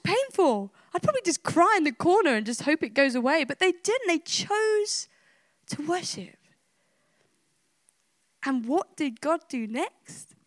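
A woman's voice: sits high, a bit bright, no echo, studio quality. A woman preacher giving an emphatic sermon, retelling a scripture story with rhetorical questions and repetition.

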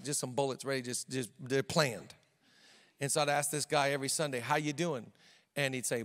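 A man preaching a sermon as a pastor, moving between quiet, joking storytelling and loud, ringing preaching. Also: on the high side. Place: large church hall. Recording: long hall reverb.

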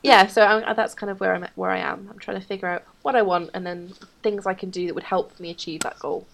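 Woman, gravelly, frank, self-mocking, casual podcast chat. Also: medium pitch, steady tone, quick pace. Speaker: podcast co-host.

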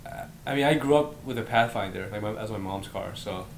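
A man in his thirties co-hosting a podcast, chatting casually and laughing as he tells quick stories. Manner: animated, laughing, quick storyteller. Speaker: podcast co-host. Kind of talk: casual chat. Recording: echoey room with faint rumble.

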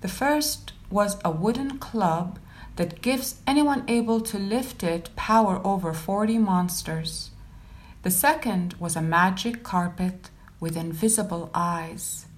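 A woman telling a folk tale aloud, expressive and speaking to her listeners directly. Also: mid-range voice, a little slow. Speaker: storyteller. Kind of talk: oral folk-tale storytelling.

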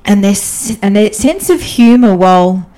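Woman, podcast guest, casual chat, mellow relaxed voice, candid, chatty, animated storytelling. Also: normal speed. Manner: candid and chatty, with frequent restarts and fillers; animated, often jumps up in pitch when telling stories. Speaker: guest, diplomatic spouse.

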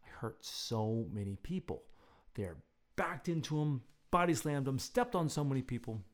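A man's voice: medium pitch, lively intonation, normal speed. A man telling a casual, rambling story with self-deprecating humor. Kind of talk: casual anecdote.

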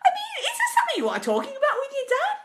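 A woman's voice: very high-pitched, wildly swooping pitch, rapid-fire, roomy sound, very noisy. A woman co-hosting a casual comedic chat, giggly and teasing as she reads listener letters. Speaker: podcast co-host.

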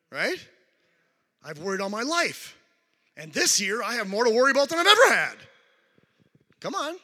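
A man preaching a sermon as a guest speaker, calling out questions to the congregation and animated in delivery. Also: on the high side, in a large hall. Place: church sanctuary.

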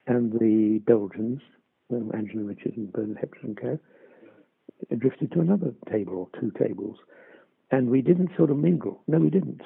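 Older man with a husky, gravelly voice on a phone line. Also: medium pitch, no room sound. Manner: halting, repeats words as he recalls. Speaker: actor guest. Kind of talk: reminiscing interview answer. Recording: dry tinny phone line.

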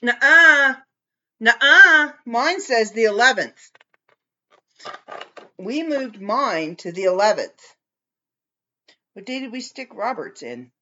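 A woman hosting her own podcast in casual chat, animated and playfully bickering with someone off-mic. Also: mid-range voice, slow, pauses often, highs cut off. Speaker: podcast host.

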